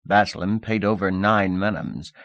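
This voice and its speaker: A man reading a novel aloud as an audiobook narrator, in a measured, expressive style. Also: low voice, dry recording, highs cut off. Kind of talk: scripted narration.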